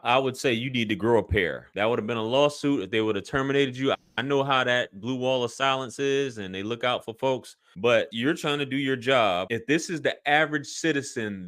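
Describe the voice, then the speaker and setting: A man's voice: mid-range voice, fairly bright tone. A man hosting a commentary video, talking in an emphatic, indignant way. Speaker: host.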